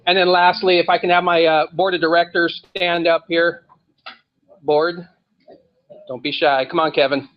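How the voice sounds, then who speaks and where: A man's voice: fairly high pitch, level tone, moderate pace, long pauses, muffled recording. A man hosting a membership meeting, upbeat as he thanks committees and the board. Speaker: meeting host. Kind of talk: meeting announcements. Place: meeting hall.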